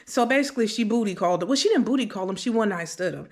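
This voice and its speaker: A woman's voice: mid-range voice, racing, a little hiss or hum. A woman vlogging in her home kitchen, filming on a handheld phone as she cooks and chats to viewers. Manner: chatty, animated, talks straight to viewers. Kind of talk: casual vlog storytelling while cooking. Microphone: handheld phone camera.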